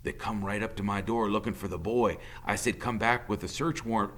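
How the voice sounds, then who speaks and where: A man voicing a cold, volatile convict father who drawls low and then barks loud threats. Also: fairly even intonation, a little fast, lightly acted. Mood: menacing.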